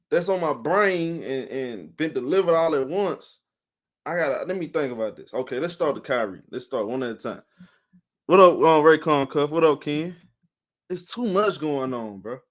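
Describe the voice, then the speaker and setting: A man talks through his live sports stream in a loose, rambling way, repeating words and calling out viewers by name. His voice sits a little high for a man, and he sounds worn out. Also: a bit bright. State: tired.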